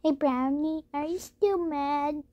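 A young girl showing off her pet snakes in a playful home video, talking in halting starts and restarts. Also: high voice, steady tone, no echo, dull audio. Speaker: child presenting pet snakes.

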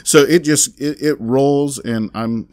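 A man's voice: medium pitch, takes it slowly, a little mellow, no room sound. A man with a Southern US accent on a casual podcast, recapping a comic book in a rambling way with many fillers and restarts. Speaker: podcast co-host reviewing comics.

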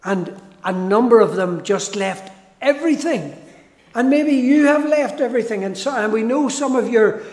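A man preaching a sermon in a church, slow and emphatic, repeating key phrases for weight. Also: very high-pitched, lively intonation, darkish tone. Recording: echoey church hall.

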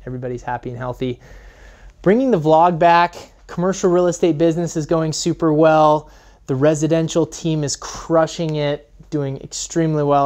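A man's voice: medium pitch, darkish tone. A man hosting a casual vlog, chatty and rambling, sometimes losing his thread. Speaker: vlog host.

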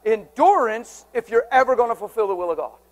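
A man's voice: very high voice, a little fast. A man preaching a sermon to a congregation, telling stories, joking and asking the crowd questions. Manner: lively storytelling with audience banter. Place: church hall before a congregation.

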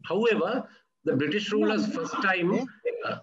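A man from Sri Lanka, a police media spokesman, giving a measured, halting workshop talk full of fillers and restarts over a video call. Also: sits high, lively intonation, a bit bright, muffled recording, a little hiss or hum. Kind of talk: conference presentation.

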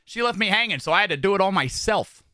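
A young man streams from a small room at home, cursing and rambling in loose slang while he does his makeup. His voice is sharp and very bright, a bit high for a man, and it swings up and down a lot. The sound is close and completely dry. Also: animated, quick pace, dry recording. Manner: profane, slangy, rambling with repeated phrases. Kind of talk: casual livestream chat while doing makeup.

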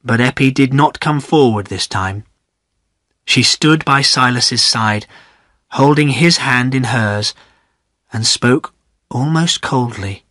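A man narrating a story in a measured reading for English learners. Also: mid-range voice, bright, forceful tone, no room sound, clean studio sound.

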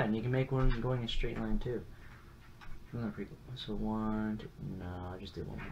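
A man's voice: on the low side, steady tone, normal speed, over music. A young man casually chatting and swearing while he plays a game, rambling and self-deprecating. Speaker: gaming channel host. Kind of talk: casual gameplay commentary. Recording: muffled, lo-fi with audible background noise.

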